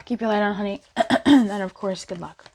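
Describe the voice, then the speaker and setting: A woman's voice: mid-range voice, normal speed, a little mellow, slight background noise. A woman giving a casual pick-a-card tarot reading in a playful, chatty way, joking aloud with spirit as she goes.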